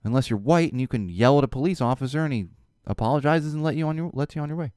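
A man hosting his own show, talking in an animated, emphatic monologue. When he gets upset he repeats words. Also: mid-range voice, racing, no echo, clean studio sound. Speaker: show host. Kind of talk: casual monologue.

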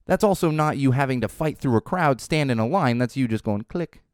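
A man's voice: medium pitch, animated, a little fast, no echo, studio quality. A man hosting a casual solo podcast, rambling with a wry tone and restarting his sentences often. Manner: rambling, wry, repeats words while restarting. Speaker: podcast host.

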